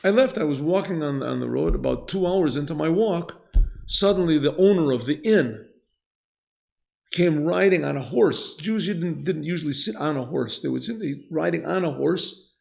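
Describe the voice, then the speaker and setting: A man, a rabbi, teaching a Chassidus class, telling a story and acting out the voices in it, often clearing his throat. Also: fairly high pitch, expressive, normal speed, a little mellow. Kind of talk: classroom Torah lesson. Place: yeshiva classroom.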